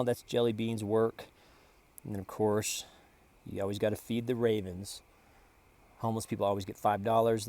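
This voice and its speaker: Lowish and darkish in tone, a man narrates a casual vlog about his photo prints. He drifts between shots, making grand boasts and sudden outbursts while repeatedly praising himself.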